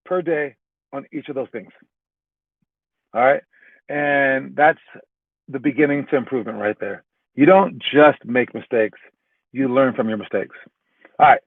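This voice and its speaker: Speaking from his car with a fairly high voice, a man who coaches basketball runs through a relaxed, informal lesson. He keeps asking "all right?" and pokes fun at himself. The sound is dry and tinny, like a phone recording.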